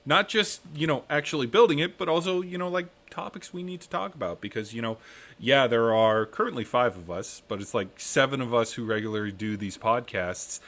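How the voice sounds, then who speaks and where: A man's voice: mid-range voice, brisk, fairly bright tone. A man hosting a podcast, wrapping up in a casual, rambling chat and restarting phrases as he goes. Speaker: podcast host.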